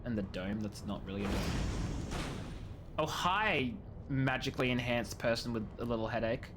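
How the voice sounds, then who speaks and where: Over game music and some background noise, a young male streamer chats casually about the game he's playing. His voice sits at a medium pitch and moves at a moderate pace, full of jokes, rambling and frequent laughter.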